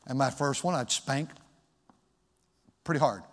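A man's voice: medium pitch, measured pace, breathy edge, long reverb tail. A male pastor preaching a sermon, telling a personal story in a reflective, folksy way.

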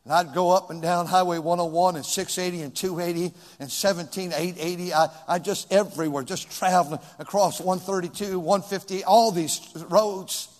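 A male pastor preaching a sermon in a church, swinging from shouting to hushed tones with emphatic repetition. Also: high-pitched, fairly even intonation, normal speed, hardly any pauses, in a large hall. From California. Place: church sanctuary.

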